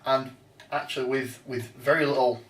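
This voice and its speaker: A man's voice: mid-range voice, steady tone, normal speed, a bit bright. Guy, hesitant casual chat, kinda far from the mic in an echoey room, faint hiss. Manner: hesitant, restarts sentences. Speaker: podcast host. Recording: roomy echo, off-mic, faint noise.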